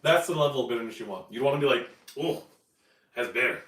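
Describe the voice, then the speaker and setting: A man's voice: medium pitch, animated, very fast, reverberant, recorded from a distance, low-quality recording. A man from Newfoundland hosting a casual live cooking stream, talking in a rambling, chatty way and correcting himself as he goes. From Newfoundland, Canada. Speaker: cooking show host. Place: home kitchen.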